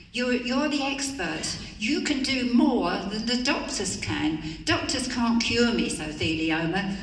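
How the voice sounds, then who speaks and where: A woman's voice: a little high, far from the mic. An older woman giving an earnest, pleading personal speech to a conference audience. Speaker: conference speaker. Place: conference hall. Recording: roomy hall recorded from afar.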